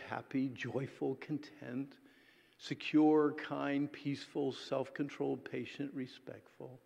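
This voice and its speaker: A man preaching a sermon to a congregation, swinging between loud exhortation and hushed, intimate asides. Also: medium pitch, vocal fry, big-room sound.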